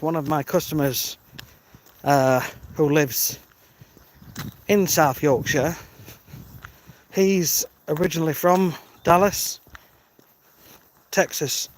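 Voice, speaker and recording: A man's voice: on the high side, slight background noise. A man in his thirties chatting casually on a live stream while walking outdoors, greeting viewers by name. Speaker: vlogger on a live-streamed walk. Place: outdoors on a village road at dawn, walking. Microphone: phone held while walking.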